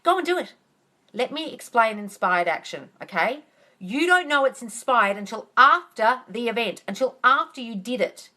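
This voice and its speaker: A woman's voice: a little high, sharp tone. A woman hosting a casual live-stream Q&A on a phone, blunt and emphatic, swearing freely and calling viewers darling. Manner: heated and emphatic, ranting. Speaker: manifesting coach hosting a live Q&A.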